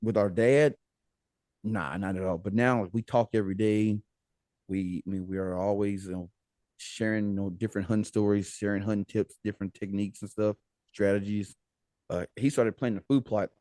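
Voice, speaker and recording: An American man with a fairly low voice tells a story as a podcast guest. He talks casually and with energy, laughing and acting out what people said. The sound is dry and close. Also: fairly quick, dry recording. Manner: animated, laughing, retells with quoted dialogue.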